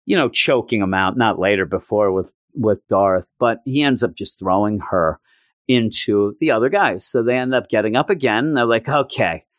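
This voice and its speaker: A man casually recapping a story in an animated, joking, self-mocking way. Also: lowish voice, moderate pace, dry recording, studio quality.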